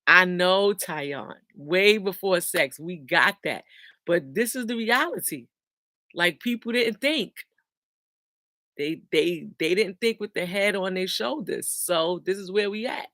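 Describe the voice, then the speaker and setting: A slow, deliberate host speaks to viewers in a preachy, emphatic way, reading out comments and quoting scripture. The host repeats key lines for weight. The voice sounds dry and close, with no room echo. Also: mid-range voice, lively intonation, bright, forceful tone. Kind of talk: casual motivational talk with scripture.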